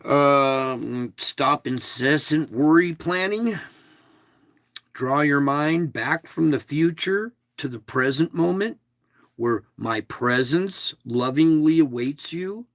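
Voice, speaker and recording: A man with a slightly high, gravelly voice reads a devotional at an unhurried pace. He breaks off into casual, chatty asides and leans hard on single words. The sound is dry and close. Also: fairly bright tone, no echo. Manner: emphatic, stresses single words. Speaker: online devotional host. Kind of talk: reading a devotional aloud with asides.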